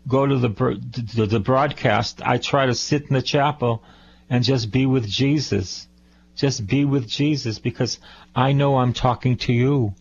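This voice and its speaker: Male radio priest, slow sermon, dull lo-fi sound, repeats key lines. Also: medium pitch, darkish tone, slight background noise. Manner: unhurried, repeats phrases for emphasis.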